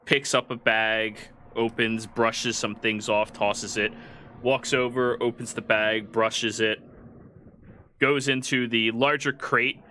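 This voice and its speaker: Bright-voiced man running a tabletop game. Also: mid-range voice, slight background noise. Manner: descriptive, halting narration with fillers. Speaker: game master.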